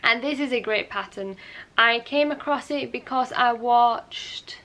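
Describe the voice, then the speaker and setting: A young woman with a fairly high voice hosts her own knitting show in a relaxed, conversational way. She rambles a little and corrects herself as she goes. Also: unhurried. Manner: chatty and rambling, with light laughs and self-corrections. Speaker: knitting podcast host. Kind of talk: casual show-and-tell chat.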